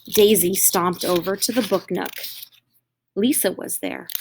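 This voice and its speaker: A woman reads a children's story aloud at an unhurried pace. Her delivery is expressive, and her voice rises when the young characters speak. Her pitch sits in a middle range. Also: creaky, a little hiss or hum. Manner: slow, expressive reading with lifted voices for the children's lines.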